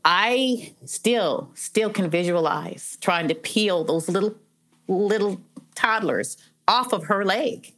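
A woman's voice: mid-range voice, lively intonation, slow, a bit bright. A middle-aged woman, a probation officer, telling stories in an interview in an earnest, heartfelt way with many "you know" fillers. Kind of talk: conversational storytelling interview.

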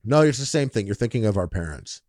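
Lively storytelling man, dry sound. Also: fairly low pitch, fast talker, dry recording. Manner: animated storyteller, acts out quoted people in shifting voices. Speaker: podcast co-host. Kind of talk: casual storytelling chat.

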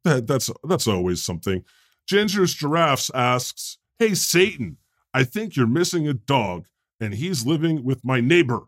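A man playing God, a chatty, joking deity, as co-host of an improv comedy podcast, telling stories in an animated way. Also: mid-range voice, a little slow, no room sound, clean studio sound.

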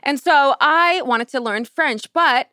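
A woman's voice: high voice, slow pace, bright, forceful tone, no room sound, clean studio sound. A young woman in her twenties, a podcast host doing sassy, playful ad reads and a slangy monologue. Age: 20s.

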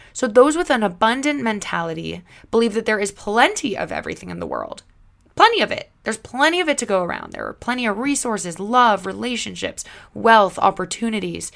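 A woman's voice: mid-range voice, creaky, fairly bright tone. A young woman giving a motivational self-help talk as a vlogger, chatty and emphatic, with many filler words.

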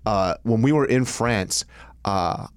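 A man's voice: lowish voice, slow pace, clear, resonant tone. A man co-hosting a podcast, laughing often and teasing with crude humor in casual chat. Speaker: podcast co-host.

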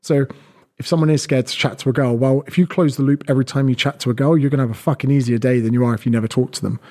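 Man, very fast, blunt, salty, podcast guest. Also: mid-range voice, steady tone, warm tone. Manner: fast, blunt, swears a lot, acts out quotes. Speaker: guest, personal trainer. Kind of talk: podcast conversation.

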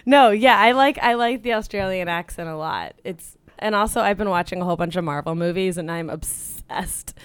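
A woman's voice: lowish voice, moderate pace, clear, resonant tone, no room sound. A young woman co-hosting a podcast in casual chat, giggly and teasing. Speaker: podcast co-host.

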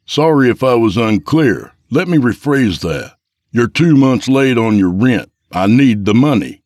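A man voicing an arrogant middle-aged landlord who barks loudly and impatiently. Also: low voice, lively intonation, moderate pace, dry recording, studio quality. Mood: barking. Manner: loud, barking, impatient.

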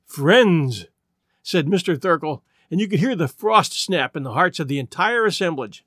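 A man reading a story aloud with an expressive, dramatic delivery. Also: on the high side, a little fast, no echo, studio quality. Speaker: narrator.

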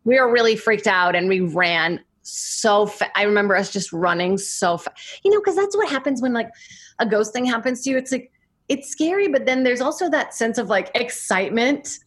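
Chatty, rambling woman. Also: medium pitch. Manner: chatty, rambling, laughs easily. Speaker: guest. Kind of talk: casual chat.

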